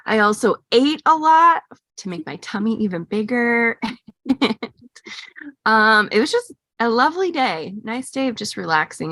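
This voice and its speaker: A woman's voice: medium pitch, fairly bright tone, no room sound. A woman co-hosting a podcast, chatting casually and gushing with enthusiasm. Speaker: podcast co-host. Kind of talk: casual chat.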